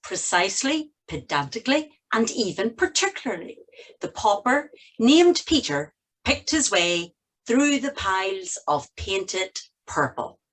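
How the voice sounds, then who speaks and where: Slow-talking woman in a workshop, bit hesitant, pitch goes all over. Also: sing-song, a bit bright, rough recording. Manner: hesitant, checking instructions before reading. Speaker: workshop participant.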